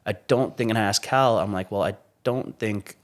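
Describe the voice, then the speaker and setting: A man from Vancouver, guesting on a podcast, telling stories in an animated, casual way, swearing freely and laughing as he goes. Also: fairly low pitch, normal speed. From Vancouver, Canada. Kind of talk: casual storytelling.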